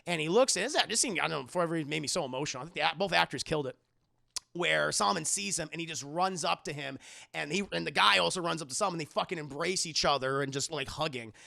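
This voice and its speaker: A man streams a casual recap of a movie to his chat and swears his way through the scenes. His voice sits a bit high and has a heavy gravelly fry. The sound is bright, close and dry. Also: quick pace, dry recording. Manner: animated, profane storytelling.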